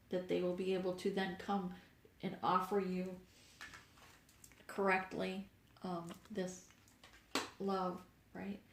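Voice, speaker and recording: A woman giving a casual, meandering tarot reading, a little stuffed up, with fillers and soft laughs. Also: medium pitch, reverberant. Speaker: spiritual reader.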